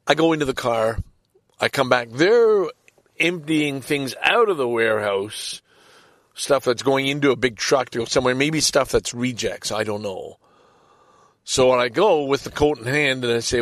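A man's voice: mid-range voice, animated, normal speed, pauses often, fairly bright tone, dry recording, clean studio sound. A middle-aged man telling a personal story in an emotional, casual monologue, often talking to himself. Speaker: podcast host.

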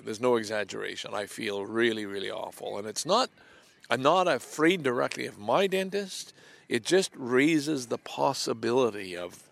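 A man with a gravelly, fry-edged voice speaks in a confessional monologue. He halts, repeats words, and lets his sentences sink into soft near-whispers. His pitch sits in an ordinary middle range. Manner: halting and repetitive, trailing off into soft near-whispers.

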